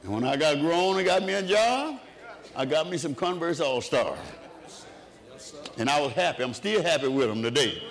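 A man preaching to his congregation. His voice sits a little high and rises and falls freely. He delivers it in rhythmic waves and tosses questions to the room. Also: expressive, moderate pace. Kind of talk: sermon.

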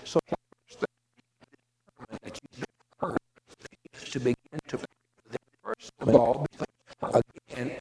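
Gravelly-voiced male pastor preaching. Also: mid-range voice, lively intonation, slow pace, long pauses, warm tone, low-quality recording. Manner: conversational preaching with repetitions and asides. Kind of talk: sermon.

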